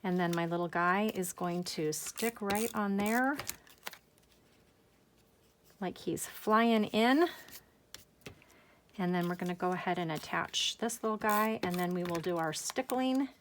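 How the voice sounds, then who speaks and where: A woman's voice: lowish voice, measured pace, long pauses, slight background noise. A middle-aged woman hosting a card-making tutorial, chatty and enthusiastic as she works through each step. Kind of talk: crafting tutorial.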